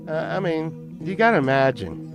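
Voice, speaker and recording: A man's voice: on the high side, big pitch swings, normal speed. A man telling a story in a rambling, profane way, often laughing at his own tale. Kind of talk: casual storytelling. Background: plucked guitar music.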